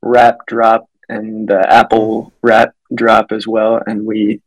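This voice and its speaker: A man's voice: lowish voice, completely flat delivery, slow pace, poor audio. A man co-hosting a podcast, chatting casually in a laid-back, rambling way. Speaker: podcast co-host. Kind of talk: casual chat.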